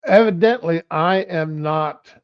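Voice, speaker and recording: A man's voice: on the high side, slow pace, clear, resonant tone. A middle-aged man giving casual political commentary on a livestream, rambling and conversational. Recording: lo-fi stream audio.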